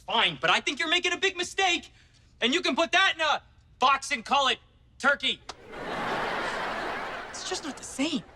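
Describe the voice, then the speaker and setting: Over-the-top sitcom dad, bright, lively. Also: male voice, extremely high pitch, moderate pace, long pauses, a little hiss or hum, heavily acted. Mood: goofy. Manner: theatrical, over-the-top earnest. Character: goofy dramatic sitcom dad, middle-aged man. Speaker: father and comic strip artist. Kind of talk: sitcom acting.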